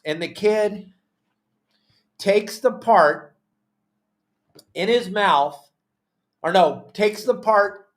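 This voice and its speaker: Socal guy spinning a yarn on his podcast, bit high voice, does everybody's lines. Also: extremely slow, pauses often. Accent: Southern Californian. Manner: animated, acts out quotes of others. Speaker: podcast host telling a story. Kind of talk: casual storytelling.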